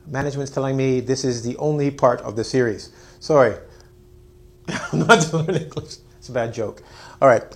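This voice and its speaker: A man's voice: medium pitch, expressive, normal speed. A man teaching an English lesson on video, joking, mocking himself and acting out his students. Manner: playful, self-mocking, acts out students.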